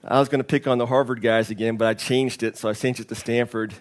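A man's voice: mid-range voice, fairly even intonation, fast talker, few pauses. A male pastor preaching a sermon, telling a story with candid, humorous asides.

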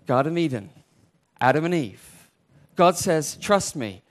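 A man preaching a sermon in an animated way, acting out the voices he quotes. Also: on the high side, a little slow.

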